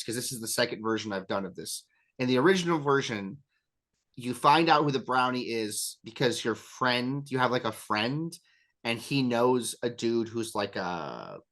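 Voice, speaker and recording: A man's voice: medium pitch, a bit bright. A man chatting casually as a game master, rambling with self-deprecating asides. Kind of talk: casual chat.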